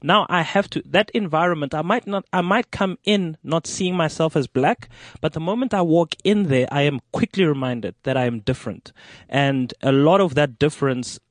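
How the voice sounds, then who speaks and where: A man in a panel discussion, questioning and halting, restarting his sentences. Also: fairly high pitch, no room sound. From South Africa.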